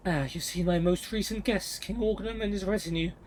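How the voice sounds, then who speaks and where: Cold, scheming queen with a cutting, polite edge, voiced by a man reading aloud in a high voice. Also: steady tone, a little fast, a little mellow, a little hiss or hum, lightly acted, poor audio. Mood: breezy. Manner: cool, cutting, politely condescending. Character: scheming ambitious queen mother, woman.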